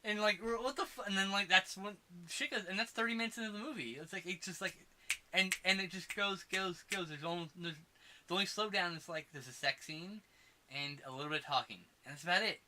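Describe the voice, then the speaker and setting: Bright, excitable man reviewing a movie. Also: high voice, fairly quick, a little hiss or hum. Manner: excitable, swearing, laughs often. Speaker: podcast co-host. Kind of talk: casual movie review chat.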